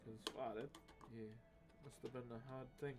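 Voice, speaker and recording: In a mid-range, steady voice at normal speed, the livestreamer chats casually with his audience as he carves at his home setup. He's relaxed and talkative, sprinkling in "eh?" and "bro", with a music bed playing beneath his voice.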